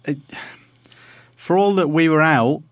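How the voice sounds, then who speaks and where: A man's voice: a little high, unhurried, no room sound, studio quality. A man, co-hosting a casual podcast and chatting in a rambling, self-interrupting way. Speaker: podcast co-host. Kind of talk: casual chat.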